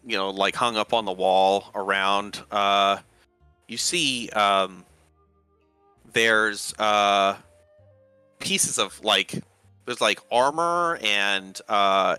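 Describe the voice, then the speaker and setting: A man's voice: lowish voice, pushed and bright, clean tone, dry recording. A man narrating a tabletop game as game master, rambling with lots of fillers.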